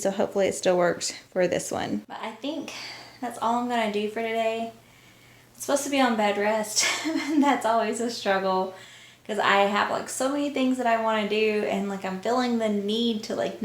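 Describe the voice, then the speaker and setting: A young woman, chatting casually to camera as a mom vlogger, rambling with small laughs. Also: mid-range voice. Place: room at home. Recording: roomy echo in a home room.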